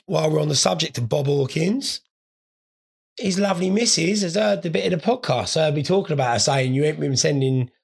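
A man's voice: fairly high pitch, animated, moderate pace, gravelly, breathy edge. A stoned man hosting a podcast, telling crude, sweary, rambling stories in a casual monologue. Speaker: podcast host.

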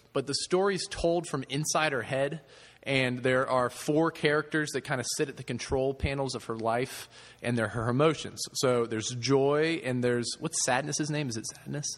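A man's voice: medium pitch, fairly bright tone. A man preaching a sermon in a casual, conversational way, with filler words. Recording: echoey hall with long reverb.

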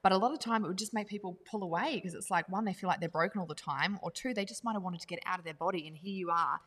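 A woman hosting a podcast, talking fast and animatedly in casual chat. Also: on the low side, fairly bright tone, long reverb tail. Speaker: podcast host.

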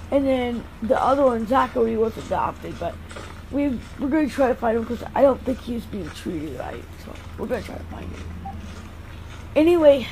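A woman's voice: on the high side, creaky, warm tone, slight background noise, low-quality recording. A woman vlogging outdoors as a mother, chatty and soothingly reassuring. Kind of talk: casual vlog. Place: outdoors on a path.

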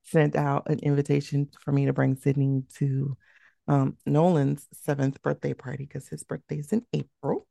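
Gravelly-voiced woman podcast co-host. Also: low-pitched, level tone, moderate pace, dark tone, no room sound, clean studio sound. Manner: teasing, chatty storytelling. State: recovering from strep throat. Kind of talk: casual podcast chat.

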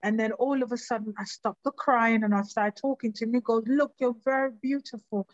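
Woman, higher voice, halting emotional testimony, interview guest, dry muffled audio. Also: steady tone, no echo. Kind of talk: personal testimony.

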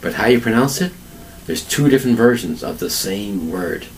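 A man teaching an English vocabulary lesson alone, spelling words out slowly and asking rhetorical questions. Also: on the low side, animated, distant mic, slight background noise, rough recording. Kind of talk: solo ESL vocabulary lesson.

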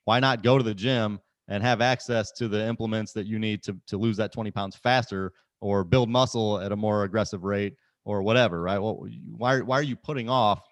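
A man's voice: lowish voice, steady tone, a little fast, few pauses, dry recording. A man hosting a podcast, talking casually and emphatically, often repeating words as he starts a sentence. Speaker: podcast host. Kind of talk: casual conversation.

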